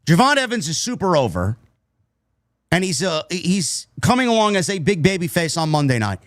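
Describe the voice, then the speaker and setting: A man's voice: high-pitched, very animated, normal speed, no echo, studio quality. A man reviewing a wrestling show in a casual, rambling way, swearing freely and drifting into tangents. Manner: profane, nostalgic, tangent-prone.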